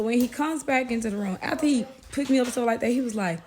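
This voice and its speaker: A young adult woman telling her testimony to viewers in a casual, animated way, talking straight to the audience and insisting she is not kidding. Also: fairly high pitch, racing, few pauses, noisy background. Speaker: Christian testimony vlogger.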